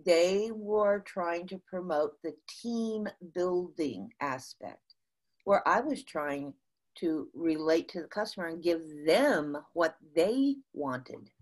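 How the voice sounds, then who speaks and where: Low-voiced older American woman storyteller. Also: slow. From USA. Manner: animated, with repeated restarts. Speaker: guest. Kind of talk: storytelling interview.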